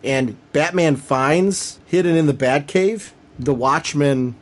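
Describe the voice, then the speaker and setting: A man co-hosting a comics podcast, retelling scenes with growing excitement and acting out the characters' lines. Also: on the high side, slow pace. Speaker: podcast co-host. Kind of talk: casual comics discussion.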